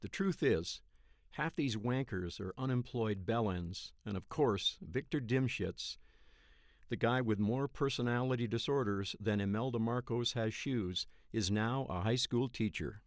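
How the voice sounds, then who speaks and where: A man in his thirties narrating a first-person dream story in a wry, profane, deadpan way. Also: mid-range voice, unhurried, no echo, clean studio sound. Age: 30s.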